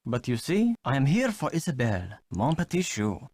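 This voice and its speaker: A flirtatious French ski instructor in a mystery video game, his French accent suave and teasing. His voice swoops widely in pitch, recorded close and dry. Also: sing-song, normal speed, a little mellow, no echo.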